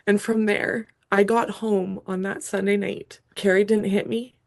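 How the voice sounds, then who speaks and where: A woman with a mid-range voice, speaking a little slowly, is a podcast guest telling a personal story with feeling. She's animated, acting out the lines she said at the time.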